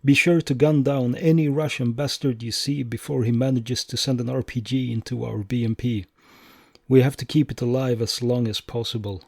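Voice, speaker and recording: A man's voice: mid-range voice, steady tone, normal speed, creaky, no echo, studio quality. A man reading as a glum, blunt squad leader. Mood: brusque. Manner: curt, swearing, shrugging. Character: gloomy male squad leader, blunt and fatalistic. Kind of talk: audiobook dialogue.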